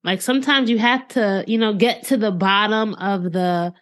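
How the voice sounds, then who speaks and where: A woman's voice: mid-range voice, steady tone, moderate pace, fairly bright tone. A woman hosting a podcast interview, asking probing questions in a conversational way, often adding "like" and "right?". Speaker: podcast host.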